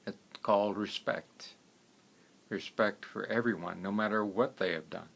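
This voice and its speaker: Male herbalist, low-pitched, relaxed storyteller whose phrases trail off softly. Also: a little slow, creaky, slightly rough. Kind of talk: casual storytelling.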